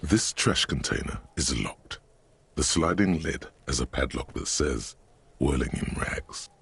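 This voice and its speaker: A man's voice: very deep voice, lively intonation, unhurried, gravelly, a bit bright, a little hiss or hum, full character voice. A man voicing a grim, sardonic game narrator who describes the scene in dry, ominous tones.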